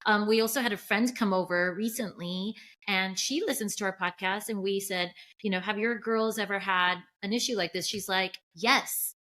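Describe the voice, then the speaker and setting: Brief: woman podcast co-host, bright tone, measured reading between casual chat. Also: medium pitch, fairly even intonation. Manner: measured, reads points then asks for reactions. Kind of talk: casual conversation, reading points aloud.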